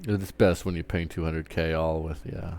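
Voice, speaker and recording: A man's voice: very deep voice, little pitch movement, normal speed, darkish tone, slight background noise. A man streaming live, ranting casually with lots of swearing and stumbling restarts. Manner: profane, rambling, restarts often. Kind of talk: casual rant while streaming.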